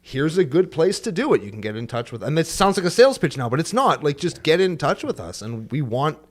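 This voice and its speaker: A man's voice: a little high, very animated, brisk. A man co-hosting a podcast in casual chat, earnest and a bit rambling. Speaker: podcast co-host.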